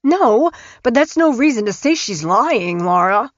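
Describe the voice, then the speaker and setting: A woman's voice: fairly high pitch, very animated, a little slow, no room sound, voice pushed up. A woman voicing a stubborn, trusting husband who answers defensively and firmly, in an audiobook. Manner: defensive, firm. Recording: dull, dry studio recording.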